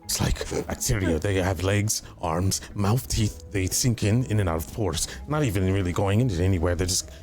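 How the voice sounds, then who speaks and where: A man's voice: deep voice, moderate pace, hardly any pauses, a little mellow, soft background music. A man playing a tabletop role-playing game, talking in stammering, flustered apologies, slipping in and out of character. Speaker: player.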